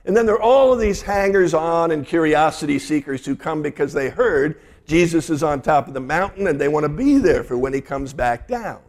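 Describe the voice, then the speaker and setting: A man, a pastor, delivering a sermon and retelling scripture in a lively storytelling way. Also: fairly high pitch, a little fast, few pauses.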